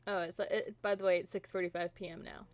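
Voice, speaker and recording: A woman's voice: fairly low pitch, level tone, quick pace. A woman streamer chatting casually between comic panels, with giggly, rambling asides. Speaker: streamer reading a fan comic. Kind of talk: casual live-stream chat.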